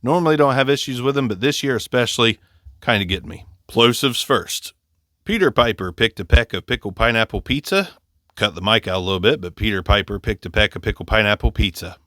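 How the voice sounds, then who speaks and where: Man, Appalachian accent, a bit nasal from allergies, low voice, chatty gear reviewer, dry close-miked room. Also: expressive, brisk, sharp tone, no room sound. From Ohio. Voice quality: slightly nasal. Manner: chatty, joking, self-deprecating. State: congested from allergies. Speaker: microphone reviewer. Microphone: close condenser microphone.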